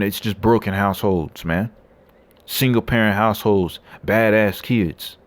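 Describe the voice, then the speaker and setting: A man preaching and reading scripture aloud, blunt and coarse, tagging lines with "man" and "all right". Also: on the low side. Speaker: street preacher.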